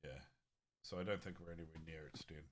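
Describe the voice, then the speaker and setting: A man's voice: a bass voice, fairly even intonation, fast. A man playing a tabletop game, chatting in a rambling, joking way. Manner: rambling, joking, laughs often. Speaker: player. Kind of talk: casual chat during a tabletop game.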